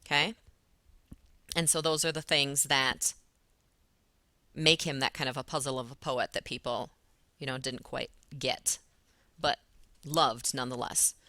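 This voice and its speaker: A woman's voice: very deep voice, fairly even intonation, unhurried, pauses often, bright, forceful tone, no room sound. A woman teacher patiently walking students through a poem step by step in a recorded lesson. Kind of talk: recorded lesson explaining poetry.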